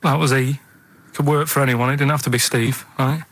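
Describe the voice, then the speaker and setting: A man's voice: medium pitch, steady tone, fairly quick, a bit bright, rough recording. A man on a radio show running a quiz segment in casual banter, plodding and hesitant, who keeps checking in with "right?" as he talks into a studio microphone.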